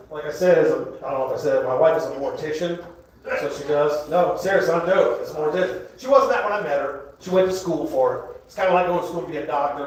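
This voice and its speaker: A man's voice: on the high side, fairly bright tone, distant mic, a little hiss or hum. A man doing a stand-up set in a comedy club, rambling and crude with self-mocking asides. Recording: echoey club recorded from afar.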